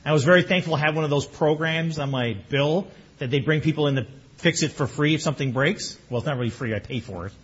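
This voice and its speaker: Male pastor, middle-aged, high husky voice, animated sermon delivery, dull lo-fi recording. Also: fast. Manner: animated, bursts into excited exclamations. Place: church sanctuary. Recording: muffled lo-fi recording.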